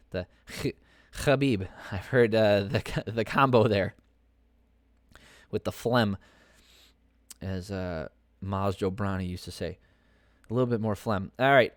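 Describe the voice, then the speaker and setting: A man's voice: on the low side, dry recording, clean studio sound. A man hosting a podcast, giving casual, opinionated fight commentary that rambles with many fillers and restarts. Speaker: podcast host.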